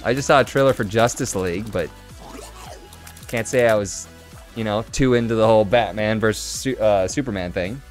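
A man's voice: fairly low pitch, moderate pace, soft background music. A man giving casual, chatty commentary while streaming a game and answering his chat.

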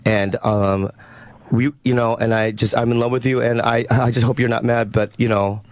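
A man's voice: medium pitch, level tone, normal speed, no room sound. A man, a comedian guest on a radio show, rambling in a flustered, sheepish way. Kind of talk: radio studio banter.

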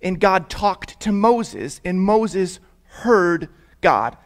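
Young male youth pastor with a high voice, chatty and interactive, leads call-and-response. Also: very slow, gravelly. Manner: lively, prompts the audience to repeat words; conversational storytelling with casual fillers. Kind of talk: interactive sermon for young people.

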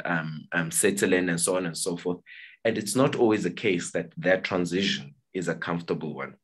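A man presenting as a psychotherapist in an online workshop over a video call, talking fast and earnestly and often restarting with fillers. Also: low voice, breathy edge.

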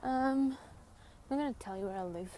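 A woman's voice: high voice, brisk, warm tone. Give me an eighteen-year-old woman, rambling. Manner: giggly, rambling storytelling. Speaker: livestreamer. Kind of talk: casual livestream chat. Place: outdoors in a city. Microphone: phone. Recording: noisy phone livestream.

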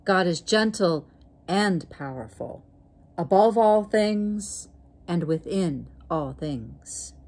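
A wise old female turtle speaks in a calm, gentle storybook voice, as a woman reads her lines. Her voice sits fairly low and unhurried, soft and soothing. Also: exaggerated voice. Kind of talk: storybook reading.

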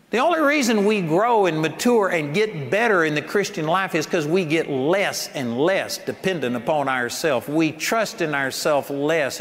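There's faint ambient noise and a long hall reverb as an older man delivers a sermon, emphatic and folksy, often laughing mid-sentence. His voice sits fairly high and sounds a bit bright.

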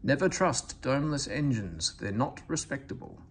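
A man's voice: medium pitch, animated, normal speed, a little hiss or hum, natural voice. A man voicing a pompous, boastful big express engine in a read-aloud storybook. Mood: grumbling. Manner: grumbling and pompous.

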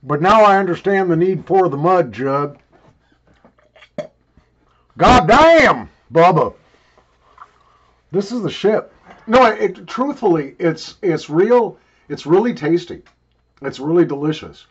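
An older man reviews chewing tobacco in a loose, joking, crude ramble, his words thick from the wad in his cheek. His voice sits a little high. The recording sounds dull and lo-fi. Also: lively intonation, moderate pace, breathy edge. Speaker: video reviewer. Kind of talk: casual tobacco review vlog.

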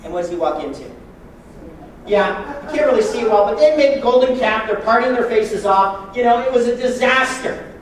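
A man preaching a sermon as pastor, joking and lively with sudden loud bursts. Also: very high-pitched, normal speed, heavy reverb, far from the mic, low-quality recording.

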